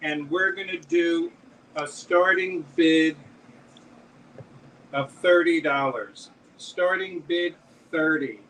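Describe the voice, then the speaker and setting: A man's voice: fairly high pitch, slow pace, long pauses, fairly bright tone, distant mic, slight background noise, poor audio. A man hosting a live-stream jewelry auction, chatting as he describes pieces and calls out bids. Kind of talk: live auction selling chat.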